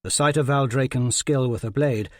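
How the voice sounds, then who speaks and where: A man reading a dark fantasy audiobook in a measured, dramatic narration. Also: mid-range voice, dry recording, clean studio sound. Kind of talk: scripted narration.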